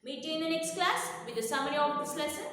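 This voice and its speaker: A high-pitched woman teacher with an Indian English accent reads a lesson aloud to her class. She reads slowly and clearly, stopping to tell pupils which words to underline. Her voice rings around a very echoey room with a long reverb and a faint hiss behind it. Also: a bit bright.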